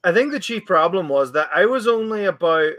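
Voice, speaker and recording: A young man in casual chat, telling a story with animated asides and acting out what he said back then. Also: high voice, a little fast, crowd noise. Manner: animated storyteller, acts out his own past lines. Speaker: podcast guest.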